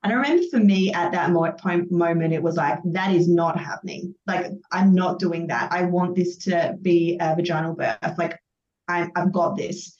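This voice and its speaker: A woman in her thirties telling her own birth story as a podcast guest, acting out what was said in lively bursts. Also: on the low side, normal speed. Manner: animated storytelling, acts out her own quotes. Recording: distant, dull, roomy sound.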